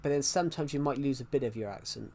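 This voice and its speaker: A man's voice: mid-range voice, quick pace, a little mellow, a little hiss or hum. A man streaming a game and chatting casually with his viewers, answering their questions. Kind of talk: casual livestream chat.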